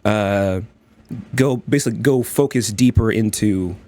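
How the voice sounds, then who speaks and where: A man narrating a tabletop game as dungeon master, halting and full of fillers. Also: lowish voice, a little mellow. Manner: halting, many fillers and restarts.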